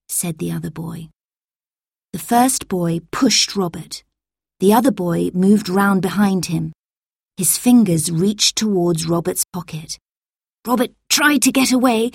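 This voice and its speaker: A woman narrating a storybook slowly and clearly, with expressive delivery. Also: fairly low pitch, dry recording, clean studio sound. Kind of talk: storybook reading for learners.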